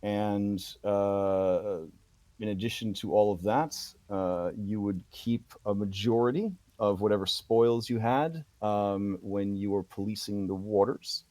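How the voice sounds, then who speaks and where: A man voicing a formal male town official who makes an offer slowly, with many pauses. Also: lowish voice, steady tone, mellow, no echo, lightly acted. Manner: formal, hesitant with fillers.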